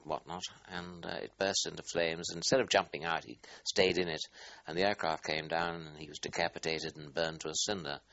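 An older man recalling his wartime squadron in an interview, halting and searching for words. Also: low voice, fairly even intonation, bright, forceful tone, dry recording, highs cut off. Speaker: interviewee, former squadron commander. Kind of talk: oral history interview.

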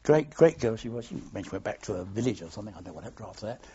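A dull lo-fi archive tape holds an older war veteran's oral history interview, with crowd noise behind him. His voice is on the low side, animated and racing as he tells anecdotes, rambling and restarting.

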